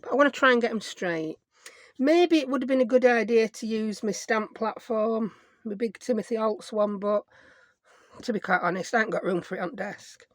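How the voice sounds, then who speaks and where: A woman's voice: fairly high pitch, moderate pace, no echo, studio quality. Rambling woman, craft vlogger, self-mocking home chatter. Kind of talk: casual chat while crafting.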